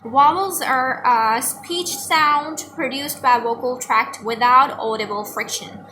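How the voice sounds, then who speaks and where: Bright-voiced woman teaching pronunciation. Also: a little high, recorded from a distance, slight background noise. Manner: repeats example words slowly for the learner. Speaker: online tutor. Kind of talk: pronunciation lesson.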